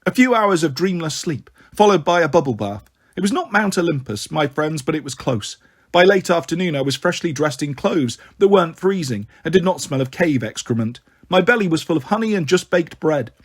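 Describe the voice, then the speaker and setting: A man reading an audiobook aloud in first person, with expressive, dramatic delivery. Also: fairly high pitch, brisk, slightly rough. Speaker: storyteller. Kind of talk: audiobook narration.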